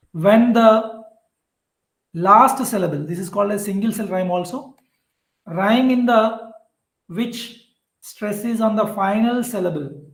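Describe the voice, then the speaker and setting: High-voiced Indian English lecturer, echoey room. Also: male voice, fairly bright tone. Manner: explains slowly with repetition, stretches example words. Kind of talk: classroom lecture on poetry. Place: classroom.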